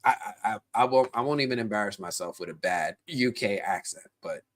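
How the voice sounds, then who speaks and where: A man's voice: lowish voice, fairly quick. A man hosting a live stream, chatting casually and animatedly with viewers in the chat. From United States. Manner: animated, talks directly to chat viewers, many restarts.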